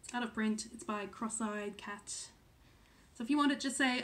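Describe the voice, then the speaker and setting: A woman's voice: on the high side, moderate pace, fairly bright tone. A woman in her thirties from Australia chatting casually to camera as a cross-stitch vlogger, full of "um"s and second-guessing herself. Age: 30s.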